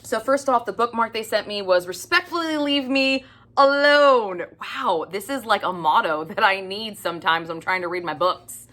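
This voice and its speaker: A woman talking through her reading in a loose, chatty book-vlog way, with a bright, forward tone. She gushes freely, stacks up repeated words for emphasis and lets a swear word slip now and then. Her pitch sits right in the middle. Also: normal speed, hardly any pauses. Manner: casual, with the odd swear word. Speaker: book vlogger. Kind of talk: casual book review chat.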